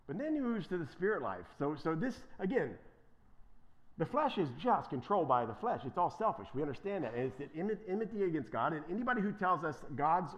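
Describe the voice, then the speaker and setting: A man preaching an emphatic sermon as pastor, swinging from quiet asides to loud, impassioned declarations. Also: on the high side, big pitch swings, quick pace, highs cut off.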